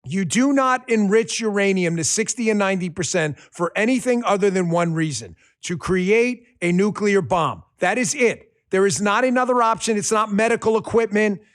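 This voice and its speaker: Man, podcast host, combative, mocking, high-pitched voice, political commentary. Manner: combative, mocking, shouts insults then drops to muttered asides.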